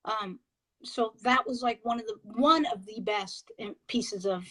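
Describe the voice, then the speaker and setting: A woman with a somewhat high voice tells her ghost-hunting experiences on a video call. She talks in a halting, excitable way, breaking off and restarting her sentences and filling gaps with "um". The sound is a casual interview. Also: breathy edge, poor audio. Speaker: paranormal investigator guest.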